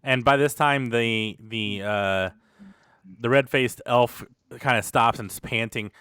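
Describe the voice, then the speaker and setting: A man's voice: medium pitch, takes it slowly, fairly bright tone, clean tone, no room sound, clean studio sound. A man running a tabletop game as game master, narrating in a loose, conversational way with many fillers.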